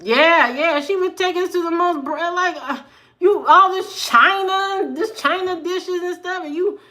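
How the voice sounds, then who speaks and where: A woman's voice: very high-pitched, a little slow. A woman live streamer telling family stories in casual chat, acting out the people she quotes. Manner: animated storyteller, acts out quoted voices.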